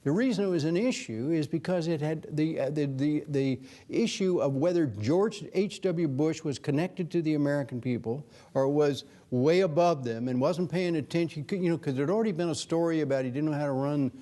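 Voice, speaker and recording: An older man, a former news anchor, speaking as a guest author at a Q&A, conversational with many restarts and lively quoted asides. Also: a little high, a little fast, hardly any pauses. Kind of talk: lecture Q&A talk.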